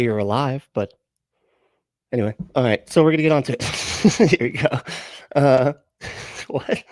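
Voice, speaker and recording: A man's voice: medium pitch, a little mellow, no room sound, clean studio sound. A man hosting a live stream in casual chat, greeting viewers with rambling, chuckling, self-correcting asides.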